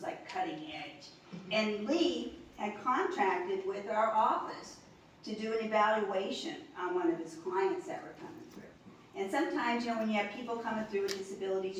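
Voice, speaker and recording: A woman's voice: mid-range voice, slight background noise. A woman in her sixties telling a personal story to a gathering, chatty and laughing as she talks. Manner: chatty, laughs through the story, many "you know"s. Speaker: speaker at a memorial gathering. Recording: echoey hall, mic from far off.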